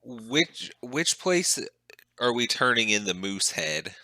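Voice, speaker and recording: A man's voice: mid-range voice, very animated, slow pace, sharp tone, no echo. A man playing in a tabletop game, easygoing and asking questions in casual chat. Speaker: player.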